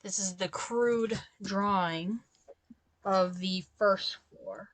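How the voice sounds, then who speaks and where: Young woman, let's-play commentary, chatty, exasperated asides, middle pitch, dry close recording. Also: very slow, no room sound. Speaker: gameplay commentator.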